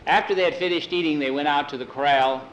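A man telling a western story in a folksy, relaxed way. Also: on the high side, fast, a little hiss or hum, rough recording. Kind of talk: oral storytelling.

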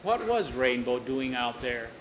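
A man telling a western tale in an unhurried, folksy way, correcting himself as he goes. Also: medium pitch, very animated, muffled recording, background noise. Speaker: storyteller. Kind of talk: oral storytelling.

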